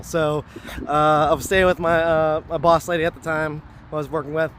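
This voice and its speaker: A man speaks in a somewhat high register, rambling earnestly through a personal story. Soft traffic hums faintly behind him outdoors. He hurries along, leaning on "you know" and "like" as he goes. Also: level tone. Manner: hurried, wanting to finish quickly. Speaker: vlogger telling a personal story. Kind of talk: casual spoken recollection.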